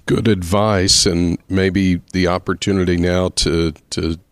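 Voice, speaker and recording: A male interviewer with a very low voice asks his questions in a measured, conversational way. The recording is dry and close, with no echo. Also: flat delivery.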